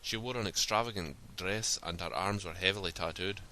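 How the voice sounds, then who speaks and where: A man narrating a story in a steady, plain reading style. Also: low voice, moderate pace, slight background noise.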